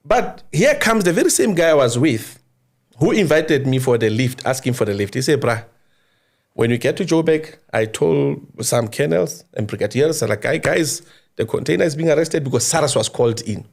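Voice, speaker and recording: A man, an interviewee recounting events in casual, slang-filled speech, animated and informal with apologetic asides. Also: medium pitch, moderate pace, gravelly. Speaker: interviewee, former crime intelligence source. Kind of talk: casual spoken storytelling.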